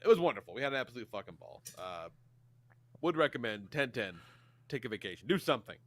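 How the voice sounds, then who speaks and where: Animated, swearing podcast guy. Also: mid-range voice, fast talker. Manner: animated storyteller, acts out quotes, swears a lot. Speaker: podcast co-host. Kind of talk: casual chat.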